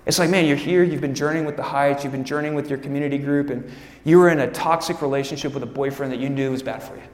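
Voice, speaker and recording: A man's voice: mid-range voice, quick pace, long reverb tail. A young adult man preaching a sermon to a church congregation, speaking casually and often turning to the crowd. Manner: casual, animated preaching with direct asides to the congregation. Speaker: pastor. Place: church hall.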